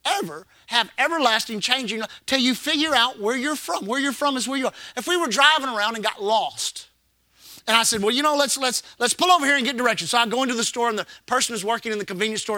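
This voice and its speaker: A man's voice: very high-pitched, quick pace, pushed and bright, no echo. A man preaching a sermon as pastor, repeating phrases and calling the congregation to respond. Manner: preaching with call-and-response and repetition.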